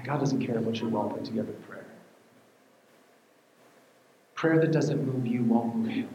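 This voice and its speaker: A man's voice: mid-range voice, quick pace, mellow, a little hiss or hum. A man preaching a sermon, repeating key words and building to fervent, almost sung emphasis. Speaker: pastor. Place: church. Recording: echoey hall, dull sound.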